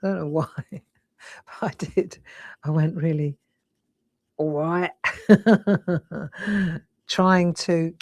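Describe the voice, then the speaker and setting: A craft demonstrator in her sixties from England chats away while drawing live, her deep voice carrying a slightly Cockney English accent with no echo. She's warm and talkative, forever saying "look" and "lovely."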